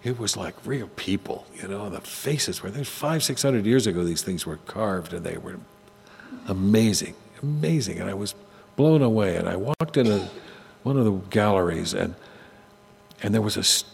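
An older man telling personal stories to an audience in a conversational way, often halting and restarting his sentences. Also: on the low side, expressive, vocal fry, breathy edge. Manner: halting, with frequent restarts and asides. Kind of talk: conversational storytelling talk. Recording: long hall reverb, faint hum.

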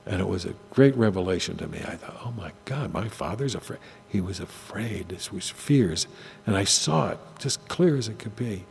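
An older man telling personal stories to an audience in a conversational way, often halting and restarting his sentences. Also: low voice, creaky, darkish tone, soft background music. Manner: halting, with frequent restarts and asides. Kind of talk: conversational storytelling talk. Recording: long hall reverb, faint hum.

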